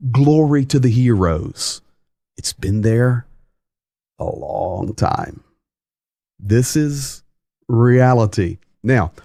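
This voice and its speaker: Male livestream host, unhurried and emphatic, reads out comments, dry close mic. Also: mid-range voice, warm tone, no room sound. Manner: reads viewer comments aloud, chatty and emphatic.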